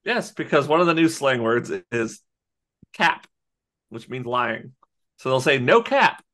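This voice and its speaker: Casting note: man, casual podcast co-host, rambling and animated, mid pitch, swears freely. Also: measured pace. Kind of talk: casual chat.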